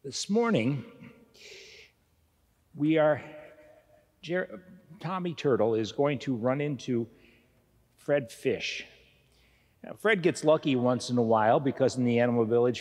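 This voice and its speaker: A man, a pastor, gently telling a children's story and voicing a fish puppet. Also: medium pitch, unhurried, long pauses. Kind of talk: children's message with puppet voices. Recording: echoey church hall.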